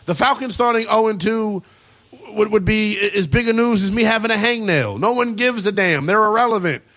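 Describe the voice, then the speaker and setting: A man hosting a late-night sports talk radio show, brash and quick to tease callers. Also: high-pitched, fairly bright tone.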